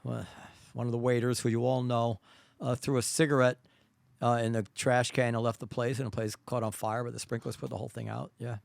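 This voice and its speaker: A middle-aged man hosting a casual chat, thinking aloud in halting phrases with frequent restarts. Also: medium pitch, flat delivery, gravelly, no echo. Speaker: host.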